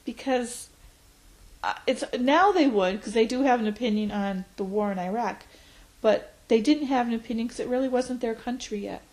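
A woman in her forties, reflecting on her life in an interview, pausing often with fillers. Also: a little high, darkish tone, rough recording. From United States. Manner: reflective, hesitant with frequent fillers. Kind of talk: oral history interview.

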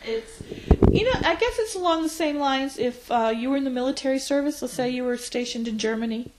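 A woman in her forties, reflecting on her life in an interview, pausing often with fillers. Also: high-pitched, lively intonation, darkish tone, a little hiss or hum, poor audio. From United States. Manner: reflective, hesitant with frequent fillers. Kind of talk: oral history interview.

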